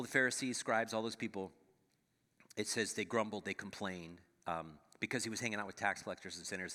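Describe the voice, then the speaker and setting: A man's voice: lowish voice, bright, forceful tone, big-room sound. A middle-aged man, a pastor, preaching a conversational sermon and checking in with the audience as he goes. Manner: conversational preaching with frequent "right?" asides. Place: church sanctuary.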